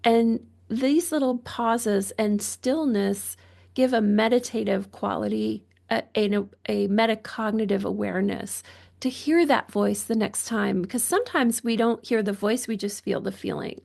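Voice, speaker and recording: A woman's voice: on the high side, unhurried, vocal fry. A woman guest physician speaking reflectively in a podcast conversation, thoughtful and searching with restarts. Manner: thoughtful, searching, with frequent restarts and soft laughs.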